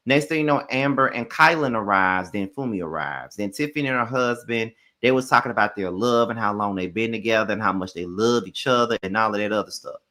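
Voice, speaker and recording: A young man hosting a casual reality show recap, telling it in an animated, sassy way full of swearing. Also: lowish voice, a little fast, hardly any pauses. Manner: animated, profane, sassy retelling.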